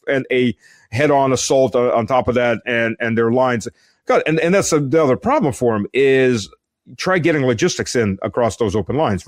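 A man giving unscripted spoken military analysis, halting with many fillers and restarts. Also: medium pitch, no room sound, clean studio sound. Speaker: military commentator.

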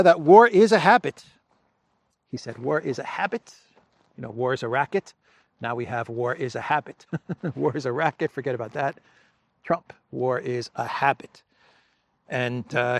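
A male host giving casual political commentary with a gravelly, creaky edge. His voice sits at a middling pitch, and his delivery is wry and loose, with chuckles and restarts. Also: no echo.

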